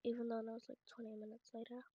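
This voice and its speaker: A woman's voice: fairly high pitch, monotone, quick pace, warm tone, dry recording. Chatty woman host narrating a casual game story; dry, dull lo-fi home recording. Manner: chatty, rambling, talks aloud as she plays. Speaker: channel host. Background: family noise in the home.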